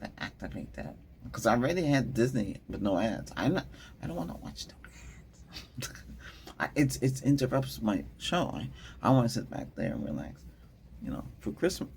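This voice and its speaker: A man's voice: mid-range voice, gravelly, a little hiss or hum. A middle-aged man hosting a tech channel, chatting casually and rambling, often laughing and trailing off mid-thought. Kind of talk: casual rambling vlog chat.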